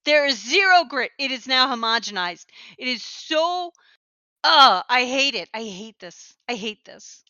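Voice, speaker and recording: A woman co-hosts a casual podcast and rants in exasperation, swearing freely. Her voice is high and bright. The sound is dry and a little dull. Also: lively intonation, a little slow, dry recording. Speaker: podcast co-host.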